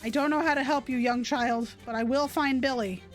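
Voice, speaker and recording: A woman streaming a game live, reading the dialogue aloud, laughing often and yelling in mock outrage. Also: high voice, steady tone, a little fast, soft background music.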